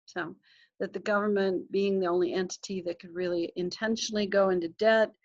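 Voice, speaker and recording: A woman's voice: medium pitch, fairly even intonation, fairly quick, a little mellow. Chatty woman teacher, lo-fi lecture. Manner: chatty, self-interrupting, thinking aloud while clicking through files. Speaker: history instructor. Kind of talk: casual recorded class lecture.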